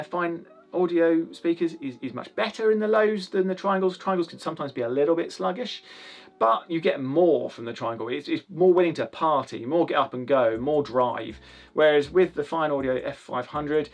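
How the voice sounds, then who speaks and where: Chatty British man reviewing speakers. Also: fairly high pitch. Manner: chatty, rambling, many restarts and fillers. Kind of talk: casual spoken review.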